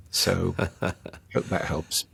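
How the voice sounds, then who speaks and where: Gravelly low-voiced man, lively explainer. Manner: demonstrative, varies pitch and volume to illustrate points. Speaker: guest, speaking coach. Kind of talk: conversational interview.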